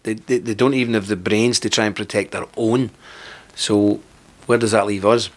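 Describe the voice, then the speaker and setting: A man's voice: fairly low pitch, fairly even intonation, moderate pace. A man giving a heated, scornful video commentary, sarcastic and full of contempt as he rants. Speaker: political commentator.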